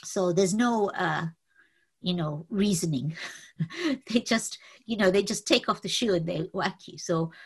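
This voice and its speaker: A woman earnestly telling a personal faith testimony, reflective and halting with fillers. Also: on the low side, expressive, slightly rough. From Indian family. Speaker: testimony speaker.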